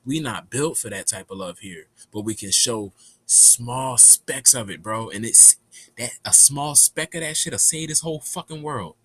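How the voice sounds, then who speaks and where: A young man telling a rambling, profane story in a casual, animated way. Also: mid-range voice, unhurried, breathy edge.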